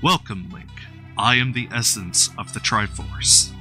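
A man voicing the Triforce as a solemn, majestic spirit from a game, reading in a calm, stately, unhurried way. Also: fairly low pitch, faint music behind, voice pushed down.

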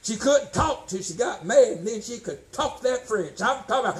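A man preaching a sermon, folksy and emphatic, swinging from shouts to low tones. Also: lively intonation, normal speed, hardly any pauses, a little hiss or hum, poor audio. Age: 60s.

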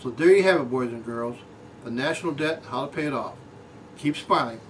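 A man giving a deadpan mock lecture, talking down to his listeners as if they were schoolchildren. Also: mid-range voice, brisk, distant mic, slight background noise, low-quality recording. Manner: deadpan, talks down to audience as children. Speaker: comic lecturer.

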